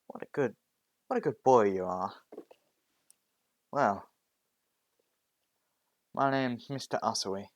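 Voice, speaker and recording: A man voicing a hearty, jovial father who greets his daughter's boyfriend. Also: a little hiss or hum. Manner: booming, laughing.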